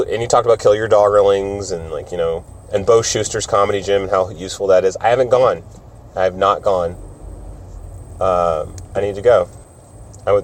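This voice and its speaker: Low-voiced man rambling about movies. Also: a little mellow. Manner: rambling, swears a lot, self-mocking. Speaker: podcast host. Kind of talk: casual solo podcast chat.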